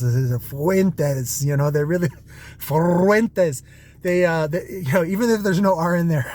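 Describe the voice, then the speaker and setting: A man's voice: fairly high pitch, dark tone, slight background noise. A man vlogging from a car on a night drive, talking in a loose, rambling way with lots of fillers and restarts. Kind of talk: casual rambling monologue.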